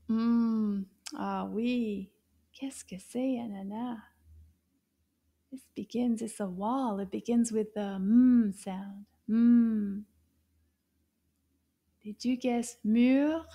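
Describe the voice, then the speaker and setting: Woman, children's teacher, gentle and encouraging, high voice with a mellow tone. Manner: gentle, encouraging, slow, drawn-out sounds. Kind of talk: children's language lesson.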